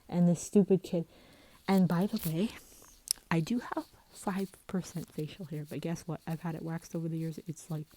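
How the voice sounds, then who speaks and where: A woman's voice: on the low side, mellow, rough recording. A woman vlogger telling a story in a rambling, heated way, swearing and restarting often. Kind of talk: casual storytelling vlog.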